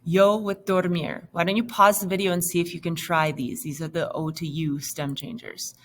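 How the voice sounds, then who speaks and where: A woman's voice: lowish voice, steady tone, normal speed, a little hiss or hum. A woman teacher explaining grammar step by step in a patient, recorded lesson. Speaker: Spanish teacher.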